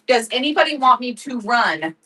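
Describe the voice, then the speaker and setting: A woman's voice: fairly high pitch, very animated, normal speed, pushed and bright, recorded from a distance, low-quality recording. A woman hosting a live craft sale, chatting casually, laughing often and thanking viewers by name. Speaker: live-selling crafts host. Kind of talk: casual livestream chat.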